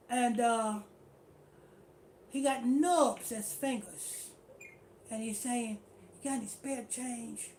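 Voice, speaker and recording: A woman's voice: sits high, a little mellow. Woman running a scripture class, slangy, drawn out, with a bit of hiss behind her. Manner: slangy, repetitive, keeps saying "you know what I'm saying". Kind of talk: street-style scripture class.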